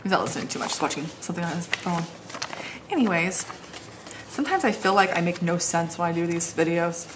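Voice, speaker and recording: There's background noise as a middle-aged planner vlogger, her voice on the low side, sits on the floor at home decorating a planner. She chats casually and rambles, with a self-deprecating streak.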